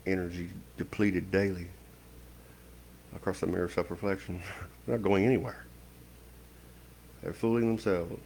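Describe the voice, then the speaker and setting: A man with a very low, gravelly voice delivers a slow spiritual lecture. He speaks in a stern, measured way and leaves long pauses between phrases. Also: a little mellow, slight background noise, poor audio. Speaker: occult teacher.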